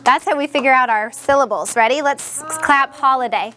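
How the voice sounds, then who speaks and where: A woman teacher in a classroom, patiently guiding young students and sounding out words slowly. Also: high voice, bright, forceful tone.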